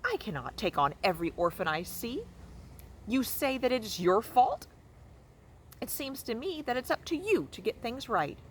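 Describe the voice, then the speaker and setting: A woman's voice: a little high, sing-song, normal speed, a little hiss or hum, voice pushed up. A woman voicing an indignant, bossy old female goose who scolds and lectures. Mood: scolding.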